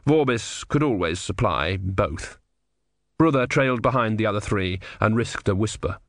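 A man reading an audiobook in measured, dry storytelling narration. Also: on the low side, lively intonation, no room sound. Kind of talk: scripted narration.

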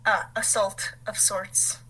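Bright-voiced woman casually retelling a story. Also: mid-range voice, little pitch movement, takes it slowly, breathy edge, poor audio. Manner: rambling, reading from notes with asides. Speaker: podcast co-host.

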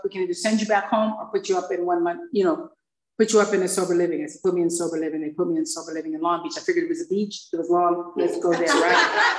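A woman's voice: lowish voice, a little hiss or hum. A woman in her fifties from Hawaii, sharing her recovery story with a group and acting out the dialogue as she tells it. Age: 50s. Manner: lively storyteller acting out dialogue, laughing often. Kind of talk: personal testimony to a group. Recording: echoey room, far from the mic.

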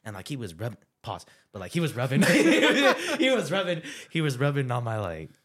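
A man's voice: mid-range voice, huge pitch swings, normal speed, a bit bright. A young man telling stories in a casual chat with friends, slangy and laid-back, laughing often. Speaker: podcast co-host.

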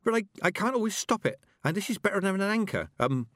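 A jittery young witch girl, pitched high and stumbling over her words with little ums, as a man puts her on. She sounds timid and flustered. The reading is dry and close. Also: sing-song, quick pace, fairly bright tone, dry recording, heavily acted. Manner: hesitant, stammering with ums. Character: nervous stammering young female witch apprentice.

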